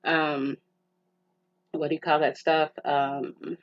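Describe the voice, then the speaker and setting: A woman's voice: sits low, little pitch movement, slow. A middle-aged woman hosting a podcast, telling a personal story in an emotional, rambling way with many restarts, and calling the listener "girl". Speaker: podcast host. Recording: muffled lo-fi with faint hiss.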